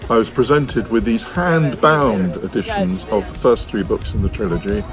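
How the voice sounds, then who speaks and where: A man who writes children's books, giving a playful talk to a festival audience and jumping into silly squeaky voices. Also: normal speed, over music. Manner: animated, silly, jumps into squeaky comic voices. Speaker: children's author.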